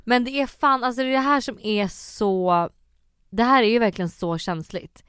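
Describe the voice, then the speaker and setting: A woman's voice: fairly high pitch, moderate pace, fairly bright tone, clear, resonant tone, no echo, studio quality. A young adult woman co-hosting a podcast in casual chat, talking loosely with lots of fillers. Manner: chatty, many fillers and restarts. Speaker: podcast co-host.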